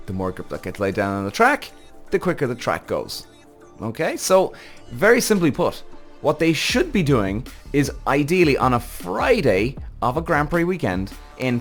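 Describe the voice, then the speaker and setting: A man hosting a podcast, ranting heatedly with lots of swearing in casual commentary. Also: fairly high pitch. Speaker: podcast host.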